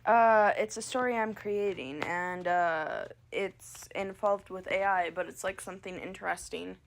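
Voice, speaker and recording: A woman reading a story she is writing out loud at home, in a casual, self-amused way. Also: fairly low pitch, unhurried, background noise. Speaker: amateur storyteller. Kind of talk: reading her own story aloud.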